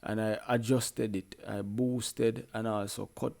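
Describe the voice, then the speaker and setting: A man's voice: lowish voice, little pitch movement, unhurried, gravelly, a little mellow. A man with a Jamaican accent, a music producer talking casually through a tutorial in a laid-back way. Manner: laid-back, peppered with "you know what I mean".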